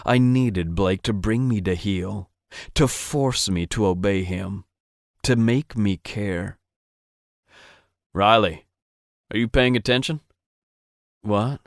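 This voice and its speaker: A man narrating a first-person romance audiobook in an intimate, steady manner. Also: deep voice, takes it slowly, no echo, studio quality.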